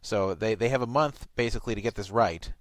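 A man hosting a casual talk show, chatting in a relaxed, rambling, wry way. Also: on the low side, fairly quick, no echo. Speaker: show host.

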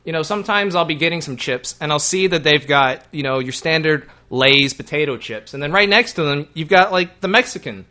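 A man's voice: on the high side, animated, brisk, hardly any pauses, sharp tone. A man from Texas hosting a show, chatting casually and asking playful questions. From Texas, Houston area. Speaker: podcast host. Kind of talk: casual chat.

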